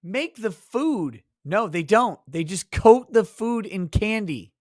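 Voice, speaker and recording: A man's voice: high voice, animated, slow, no room sound, clean studio sound. A man hosting a livestream, in a casual, profane rant, crude and mocking. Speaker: livestream host.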